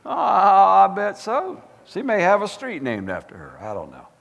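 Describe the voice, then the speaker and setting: A man preaching a sermon as pastor, fired up and animated, full of folksy asides and repeated words. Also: high-pitched, unhurried, vocal fry, in a large hall, muffled recording. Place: church sanctuary.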